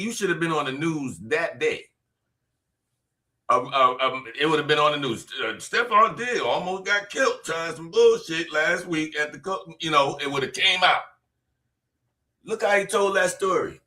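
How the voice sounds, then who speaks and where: Bright, crude, incredulous male co-host. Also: a little high. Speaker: podcast co-host. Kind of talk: casual reaction commentary.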